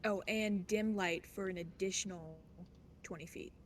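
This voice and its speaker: A woman's voice: medium pitch, fairly even intonation, moderate pace, slight background noise. A woman playing a tabletop game, chatty and giggly, with lots of fillers. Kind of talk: casual chat while playing.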